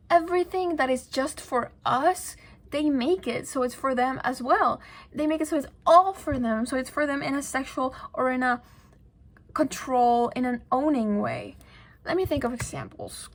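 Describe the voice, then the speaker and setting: Chatty young woman vlogger, non-native speaker. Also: fairly high pitch. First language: not English. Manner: chatty, animated, laughs often, trails off into whispers. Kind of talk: casual rant to camera.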